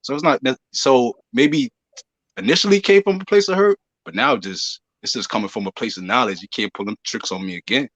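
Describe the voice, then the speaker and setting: A man's voice: mid-range voice, fairly quick, a bit bright, no room sound, poor audio. A man speaking emphatically on a live podcast discussion, often checking whether listeners follow him. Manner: emphatic, keeps asking "you see what I'm saying". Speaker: show regular.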